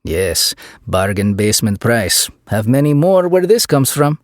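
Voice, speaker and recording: A man voicing a gruff male maintenance worker with a thick Eastern European accent and broken, clipped English. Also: mid-range voice, sing-song, unhurried, no room sound, clean studio sound. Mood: boastful.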